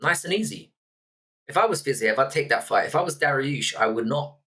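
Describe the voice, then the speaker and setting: A man talks into a desk microphone at home while he hosts a live stream. His banter is blunt and full of swearing, and his voice sits at a middling pitch. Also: animated, brisk, pushed and bright, slightly rough. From United Kingdom. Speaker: livestream host. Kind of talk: casual live chat reading comments.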